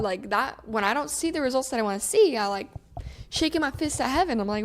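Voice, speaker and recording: A young adult woman hosting a solo podcast, talking in a chatty, animated way and acting out her own inner thoughts. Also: a little high, fast talker. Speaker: podcast host.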